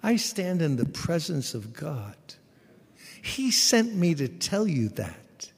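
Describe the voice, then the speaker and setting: A preacher playing an indignant archangel. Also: male voice, a little high, very animated, creaky, husky, big-room sound, full character voice. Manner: incredulous, scolding, quickening. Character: exasperated archangel, blunt and indignant.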